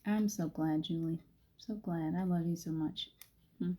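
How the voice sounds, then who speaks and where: A woman's voice: fairly low pitch, fairly even intonation, measured pace, dark tone. A woman hosting a chatty spiritual live stream and guiding a meditation, laughing often. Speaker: spiritual host.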